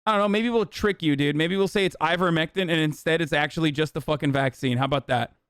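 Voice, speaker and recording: Male live streamer, higher-pitched, sarcastic and swearing freely, dry close sound. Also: quick pace, clear, resonant tone, no echo. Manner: animated, sarcastic, swears often. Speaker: live streamer reacting to chat. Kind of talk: casual profane commentary.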